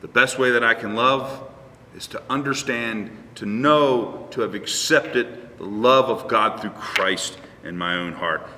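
A man's voice: mid-range voice, a little slow, sharp tone, in a large hall, recorded from a distance, a little hiss or hum. A male pastor preaching a conversational sermon, acting out little dialogues with his congregation. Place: church sanctuary.

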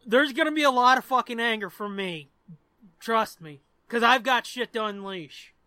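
A man's voice: extremely high pitch, normal speed, pushed and bright, smooth, no echo. A man co-hosting a podcast in casual chat, swearing freely, laughing often and telling jokes. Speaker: podcast co-host.

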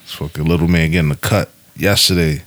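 A man's voice: rumbling low, steady tone, a little fast, a bit bright, slight background noise. A man hosting a podcast, bantering in a laid-back, slangy way with friends. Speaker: podcast host. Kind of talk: casual chat.

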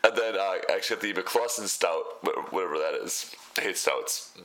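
A man's voice: deep voice, brisk, a bit bright. A young man narrating a casual food vlog, chatty and laid-back, who laughs often. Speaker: food vlogger.

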